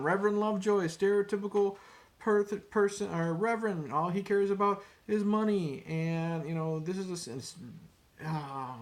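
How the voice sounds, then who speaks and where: A man ranting casually to camera as a vlogger, rambling, cursing and repeating his words. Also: high-pitched. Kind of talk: casual opinion rant to camera.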